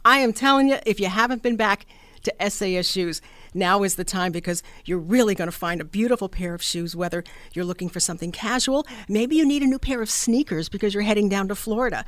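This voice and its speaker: A woman's voice: medium pitch, fairly quick, no room sound. A woman radio host, chatting enthusiastically through an ad read. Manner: enthusiastic, conversational.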